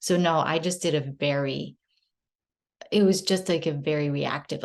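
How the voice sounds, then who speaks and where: A woman in her thirties candidly shares a personal story in a casual spiritual group chat over video call, rambling and reflecting on herself. Her voice is low and her speed normal.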